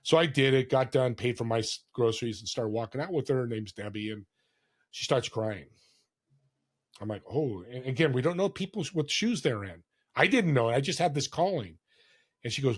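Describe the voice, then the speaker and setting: A man speaking as a guest on a podcast, earnest and conversational, with a voice of middling pitch. He tells personal stories and slips into the voices of the people in them. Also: expressive, brisk. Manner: earnest storytelling, acts out quoted voices. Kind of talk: casual interview talk.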